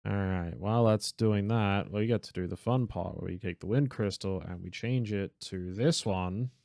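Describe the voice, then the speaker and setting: Rambling low-voiced young male streamer. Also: normal speed, gravelly, a little mellow, no echo, studio quality. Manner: rambling, self-correcting, swears and laughs. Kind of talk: casual live gameplay commentary.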